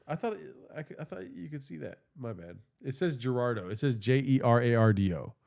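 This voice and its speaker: A man's voice: medium pitch, lively intonation, fairly quick, vocal fry, darkish tone. A man hosting a podcast livestream, telling stories in a casual, profane and rambling way, talking into a phone held in his hand, with a stuffy nose. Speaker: podcast host.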